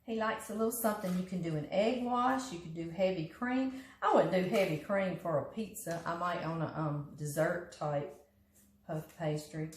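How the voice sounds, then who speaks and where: A woman's voice: fairly low pitch, moderate pace, slight background noise. Folksy southern lady talking thru a recipe in her kitchen, chatty, roomy echo. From Louisiana. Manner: chatty, folksy, laughs often, calls food "him". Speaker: home cooking show host. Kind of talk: casual cooking demonstration. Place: home kitchen.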